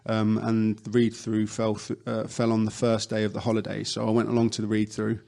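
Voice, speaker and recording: A young adult man speaks in a gravelly, fairly flat voice as a guest in a casual interview. He tells his stories at length, with frequent fillers and false starts. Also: fairly low pitch, a little fast. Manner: chatty storyteller, many fillers and restarts. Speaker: actor guest.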